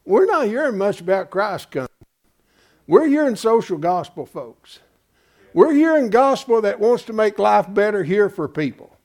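A man's voice: sits high, very animated, moderate pace, a little mellow. A man preaching a Bible-study sermon, emphatic and folksy, often asking his congregation rhetorical questions. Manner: folksy, calls listeners "folks".

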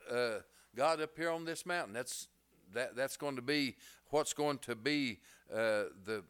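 A man's voice: medium pitch, a bit bright, smooth. A middle-aged male pastor preaching a sermon, folksy and plainspoken, rising to emphatic bursts.

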